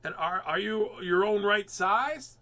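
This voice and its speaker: A man doing a loud, excitable toad. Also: high voice, slow, voice pushed up, heavily acted. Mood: anxious. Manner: loud, eager, exclaiming. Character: boastful, excitable male toad, showy then anxious.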